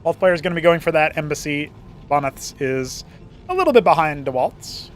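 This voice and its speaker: A young man's expressive, higher-than-average voice carries solo commentary on a strategy game, with a little hiss or hum in the recording. As an esports caster he's chatty and lighthearted, quick with asides and quick to laugh at his own gags.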